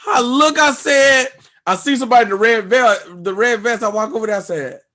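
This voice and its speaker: A male stand-up comedian telling a profane story on a podcast, acting out everyone's lines with sudden leaps in pitch and volume. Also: a little fast. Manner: profane, acts out people's lines with big jumps in pitch and loudness.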